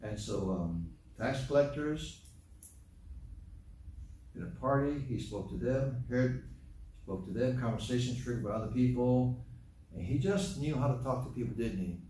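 A man's voice: medium pitch, animated, moderate pace, pauses often, dark tone, a little hiss or hum. A man preaching a conversational sermon, full of rhetorical questions and chatty asides, recorded from a distance in a church hall. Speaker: pastor. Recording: distant mic, echoey room.

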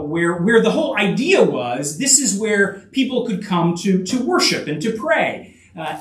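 Man, pastor preaching a sermon, earnest, filler-heavy with restarts, high lively voice, distant mic. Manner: earnest, many fillers and restarts, rhetorical asides, builds to emphatic peaks. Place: church sanctuary. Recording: echoey room, voice picked up from a distance.

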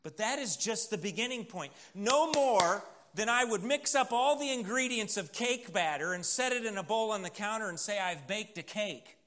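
Male pastor, sermon delivery, high pitch, call-and-response pauses. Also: animated, fairly bright tone.

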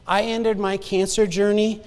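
A pastor preaches a sermon in a church sanctuary with long reverb, telling stories conversationally, laughing and restarting his sentences many times. His voice is high with little pitch movement, and he speaks unhurriedly in a clear, resonant tone.

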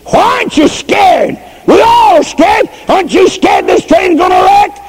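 A man's voice: very high voice, steady tone, fairly quick, gravelly, mellow, slightly rough, big-room sound, a faint crowd, heavily acted. A man voicing a frantic, scared old woman passenger, pleading shrilly.

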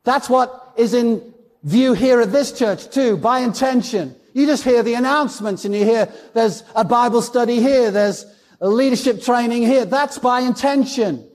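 High-voiced gravelly preacher in a hall. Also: male voice, normal speed, a little mellow. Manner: emphatic, repeats words for stress. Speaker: pastor. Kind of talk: sermon. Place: church sanctuary. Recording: church hall reverb.

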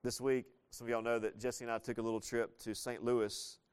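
A pastor from the Southern United States, speaking with a Southern accent, preaches a sermon in a conversational, folksy storytelling style with sudden bursts of emphasis. His medium-pitched voice is clean-toned and fairly quick, with a flat delivery.

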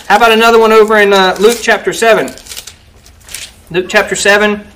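A man preaching a conversational sermon, telling Bible stories with animated delivery and frequent "right?" checks to the congregation. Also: high voice, low-quality recording.

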